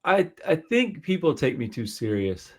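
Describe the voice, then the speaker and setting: A man's voice: a little high, very animated, normal speed, husky. A man hosting a podcast in casual chat, rambling and swearing freely, self-deprecating. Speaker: podcast host.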